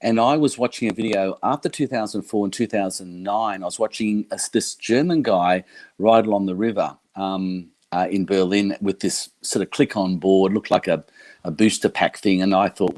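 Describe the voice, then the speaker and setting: Man, 60s, very low deep voice, dry close sound, rambling livestream host. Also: normal speed, darkish tone, no room sound. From Australia. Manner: rambling, many fillers and restarts. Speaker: YouTube creator and electric skateboard rider. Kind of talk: casual livestream chat.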